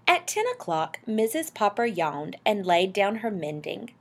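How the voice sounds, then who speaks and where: A woman narrates a storybook with expressive reading. Her voice is slightly husky and moves lively in pitch. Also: a little slow, hardly any pauses. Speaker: audiobook narrator.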